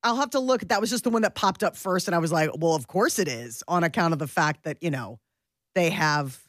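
A lower-pitched woman hosting morning radio, talking loosely and chattily and laughing easily. The recording is dry and close, with no room sound at all. Her delivery stays relaxed and informal. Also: brisk, no room sound. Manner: chatty, lots of "like" and restarts, laughs often. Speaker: morning show co-host reading news. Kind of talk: casual morning radio chat.

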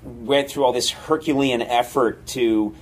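A comedy writer chats casually, spinning rambling, animated stories full of fillers. His voice sits in an ordinary middle pitch. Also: a little slow, slight background noise. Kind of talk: casual podcast chat.

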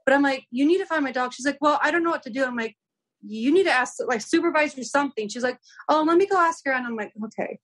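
Young woman on a podcast, kinda high voice, rambly story full of "i was like". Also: fast. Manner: animated, acts out dialogue with filler "like". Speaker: podcast guest. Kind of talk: casual storytelling.

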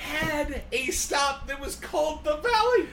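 A man's voice: extremely high pitch, expressive, measured pace, creaky, a bit bright. A man in casual conversation who keeps cutting in with short, defensive replies. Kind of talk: casual chat.

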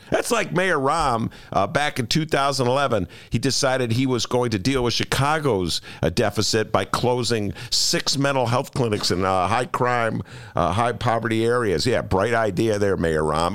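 A man's voice: mid-range voice, expressive, moderate pace, fairly bright tone, dry recording. A man hosting a political talk radio show, riffing sarcastically with jokey asides to his listeners.

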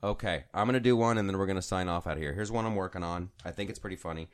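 A man's voice: deep voice, very fast. A man hosting a casual political talk show, joking and acting out quoted people with bursts of laughter. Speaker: podcast host.

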